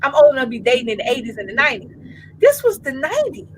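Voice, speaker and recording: A woman in her fifties, co-hosting a casual chat and telling an animated comic story in slangy, laughing talk. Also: high voice, very fast, slight background noise, low-quality recording. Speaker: co-host.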